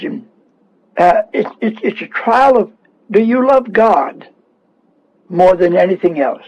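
A man's voice: sits high, a little mellow, lo-fi sound. A man preaching a fervent radio sermon, scolding and repeating himself as he presses his points.

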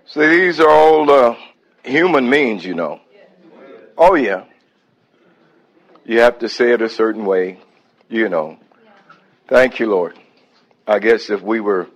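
A man's voice: lowish voice, a little slow, pauses often, muffled recording. A man preaching a sermon, breaking into calls of praise and reading a hymn aloud.

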